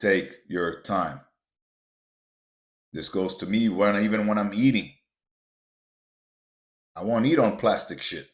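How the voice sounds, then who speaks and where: A man hosting a motivational podcast, talking bluntly and with a lot of profanity, often building up to loud, emphatic rants. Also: lowish voice, slow pace, long pauses. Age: adult with children. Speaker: podcast host.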